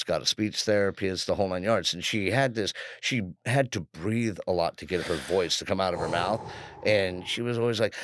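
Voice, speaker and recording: A man's voice: sits low, moderate pace, fairly bright tone, clean tone, no echo, studio quality. A man co-hosting a podcast in casual chat, rambling and profane as he tells stories. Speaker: podcast co-host.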